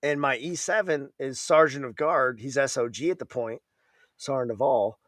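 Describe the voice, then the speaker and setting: A veteran in his thirties hosts a casual podcast, chatting in a laid-back, wry, and profane manner. His mid-range voice is fairly bright, he speaks at normal speed, and the recording is dry.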